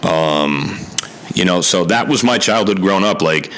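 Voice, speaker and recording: Low, bright-voiced man in his thirties. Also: expressive, unhurried, low-quality recording. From Connecticut, USA. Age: 30s. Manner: candid and earnest, frank with mild swearing. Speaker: podcast host. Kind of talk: casual solo podcast monologue.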